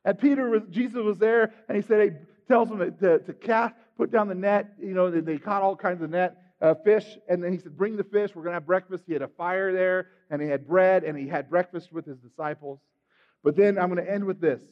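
Male preacher, high voice, animated, swings loud to soft, long hall reverb, muffled sound. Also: a little fast. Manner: animated storytelling, acting out scenes, swings from loud to hushed. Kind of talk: sermon.

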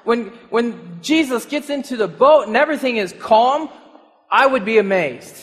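A man's voice: very high voice, moderate pace, long reverb tail. A man preaching a sermon, asking his listeners questions and chuckling now and then. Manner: animated, rhetorical questions, chuckles often.

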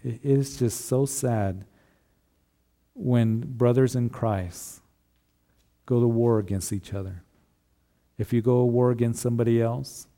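A man's voice: lowish voice, warm tone. A man preaching a sermon as pastor, in a conversational way with rhetorical tag questions.

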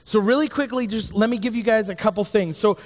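A youth pastor preaches a sermon in a high, fast voice, speaking earnestly and repeating his key lines. The recording carries a long hall reverb.

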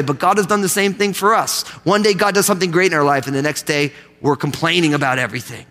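Preaching fast in a high, bright, ringing voice, a pastor gives a sermon to his congregation in a church sanctuary. He is animated and pulls them into call-and-response, with long reverb echoing through the hall.

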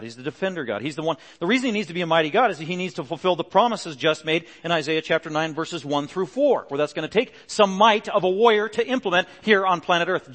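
A middle-aged male pastor preaching a sermon earnestly, pressing harder and louder on key points. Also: a little high.

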